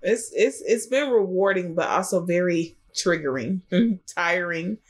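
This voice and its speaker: A woman's voice: lowish voice, unhurried, husky. Chatty woman co-hosting a podcast. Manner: lively, chatty, animated storytelling. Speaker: podcast co-host. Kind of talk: casual chat.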